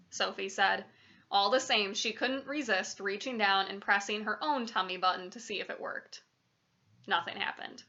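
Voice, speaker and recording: A woman's voice: medium pitch, fairly even intonation, moderate pace, pushed and bright, muffled recording. A woman reading a children's book aloud, engaging and talking directly to her young listeners. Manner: engaging, asks listeners questions.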